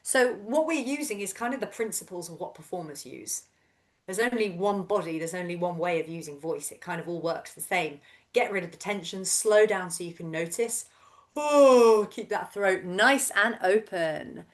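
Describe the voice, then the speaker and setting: A woman in her thirties, a vocal coach gently and encouragingly guiding a voice and breath workshop over a video call. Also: lowish voice, normal speed. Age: 30s.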